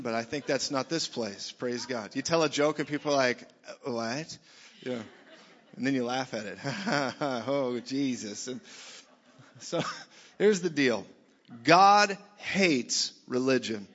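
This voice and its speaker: A man preaching a lively sermon to a church crowd, joking and now and then rising to a shout. His voice sits a little high for a man. The sound is a bit dull, with a long hall reverb behind him.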